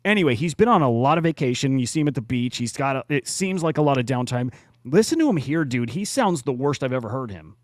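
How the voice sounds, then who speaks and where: A man's voice: medium pitch, animated, fast talker, dry recording, studio quality. A man hosting a podcast in casual chat, blunt and profane with plenty of restarts. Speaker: podcast host.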